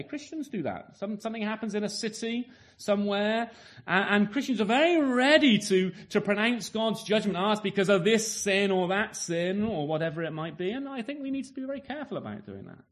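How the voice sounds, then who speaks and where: A man with a high voice preaches a sermon to his listeners. His delivery is earnest, and he keeps turning statements into rhetorical tag questions. He often restarts and repeats words mid-thought.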